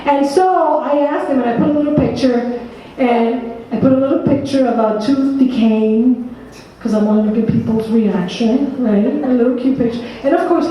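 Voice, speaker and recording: Her voice is high and warm, carrying a New Jersey accent as she presents an interactive workshop to a meeting-room audience and quizzes people by name. The recording sounds echoey and distant, with faint background noise.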